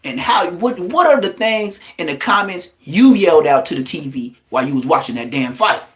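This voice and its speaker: A man hosting a livestream, giving blunt, profane, trash-talking commentary in an excitable way. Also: fairly high pitch, normal speed. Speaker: livestream host.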